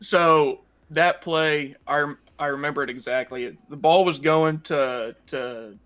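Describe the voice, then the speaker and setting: A young male player speaking over a voice call, relaxed and brief, laughing easily as he walks through a play. His voice sits a little high for a man. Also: unhurried. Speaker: player being interviewed. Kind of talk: post-match interview over voice chat.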